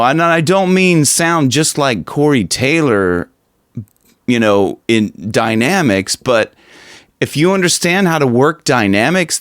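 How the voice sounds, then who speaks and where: During a casual vocal lesson with demonstrations, a male coach rambles unhurriedly about technique, restarting and looping back on his own phrasing. He demonstrates screamed lines as well as breathy talk in his medium-pitched voice. The recording is dry and close, with no sense of room.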